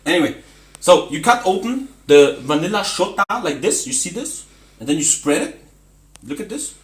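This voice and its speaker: A man's voice: high-pitched, big pitch swings, normal speed, a little hiss or hum. Brash joking man hosting a cooking stream. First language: not English. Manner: brash, teasing, mock-boastful. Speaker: cooking show host.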